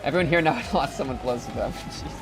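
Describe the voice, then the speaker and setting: A young man streaming a visual novel, reading the narration aloud and breaking off with slangy, excitable jokes. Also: mid-range voice, quick pace, creaky, music in the background.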